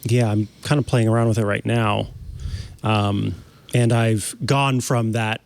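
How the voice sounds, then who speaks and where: A man's voice: on the low side, steady tone, unhurried, vocal fry, darkish tone, dry recording. A man hosting a casual tech podcast, speaking briefly and leading into each segment. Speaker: podcast host.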